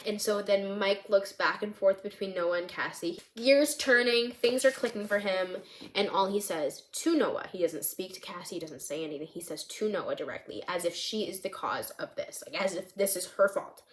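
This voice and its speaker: A young woman vlogging casually, retelling her script with lively, expressive storytelling and frequent fillers. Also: medium pitch, moderate pace. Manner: animated storytelling, many "like" fillers. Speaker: vlogger writing a film script. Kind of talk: casual chat.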